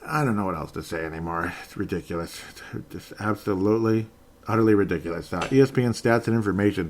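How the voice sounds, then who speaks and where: Fairly low-pitched and quick, a man runs a solo sports podcast, venting his exasperation over a basketball game. Sarcasm runs through it, along with the occasional laugh at his own expense.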